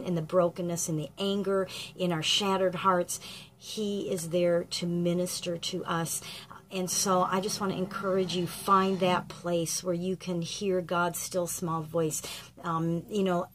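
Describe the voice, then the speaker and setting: Earnest low-voiced woman giving devotional encouragement. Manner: earnest and gentle, with frequent ums. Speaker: grief ministry speaker.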